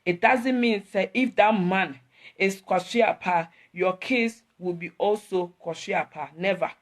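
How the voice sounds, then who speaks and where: A woman's voice: medium pitch, measured pace. A woman, hosting an emotional live talk to her viewers, rambling and repeating herself as she switches between English and Twi. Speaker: online host talking to viewers.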